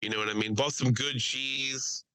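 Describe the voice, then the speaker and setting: A bright, forceful young man hosts a casual podcast. He talks loud, swears freely and laughs often. His voice sounds dry and close. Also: medium pitch, fairly even intonation, normal speed, clear, resonant tone, no room sound, low-quality recording. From Delaware County, Pennsylvania. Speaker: podcast host.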